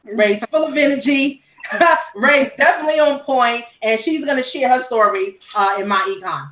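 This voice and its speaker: A woman's voice: sits high, moderate pace, a bit bright, echoey room, poor audio. A woman hosting a webinar call, thanking and introducing speakers in an upbeat way. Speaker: webinar host.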